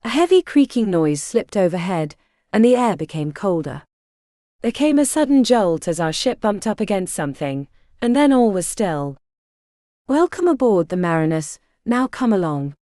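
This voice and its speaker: A woman narrating a fantasy audiobook in the first person, her pitch rising and falling freely. She voices the story with expressive shifts between scenes. The sound is close and dry, with no room around it. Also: normal speed, no room sound. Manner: expressive, varied character voicing.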